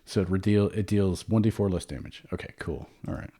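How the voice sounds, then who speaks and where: A man's voice: sits low, fairly quick, warm tone. A man running a tabletop role-playing game as game master, reading rules aloud in an easygoing way and laughing along with his players.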